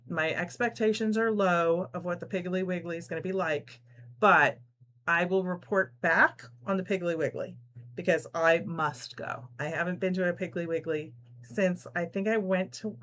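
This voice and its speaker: Chatty low-voiced woman hosting a sew-along. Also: a bit bright. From New Jersey. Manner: chatty, reads out viewer comments, laughs often. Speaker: host of a live sew-along. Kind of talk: casual live-stream chat while sewing.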